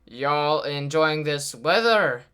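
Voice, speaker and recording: A young man imitating an awkward old man in his seventies who speaks in a halting drawl. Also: on the high side, lively intonation, bright, forceful tone, clean tone, full character voice.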